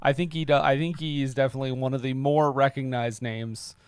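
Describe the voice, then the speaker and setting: A man's voice: medium pitch, fairly even intonation, brisk, a little mellow, clear, resonant tone, no echo. A man hosting a podcast, chatting casually and playfully, sometimes slipping into a mock-announcer voice. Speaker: podcast host. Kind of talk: casual chat.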